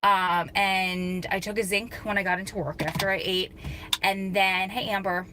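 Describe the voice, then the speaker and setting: A woman's voice: mid-range voice, little pitch movement, normal speed. A woman live-streaming from her parked car, chatting casually with viewers and greeting them by name, her throat a little scratchy. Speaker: vlogger hosting a live stream. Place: parked car in a parking lot.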